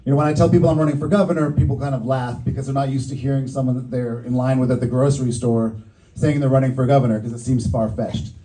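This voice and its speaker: A man's voice: medium pitch, fairly even intonation, fast talker, mellow, distant mic, low-quality recording. A man from Boston giving a joking, upbeat stump speech as a political candidate at a community event. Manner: joking, upbeat campaign delivery.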